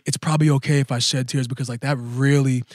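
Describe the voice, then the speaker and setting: A middle-aged man, a professional wrestler, telling a story casually and acting out other people in lively voices. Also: quick pace, dry recording, studio quality. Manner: animated, jumps into high silly voices to act out crowds.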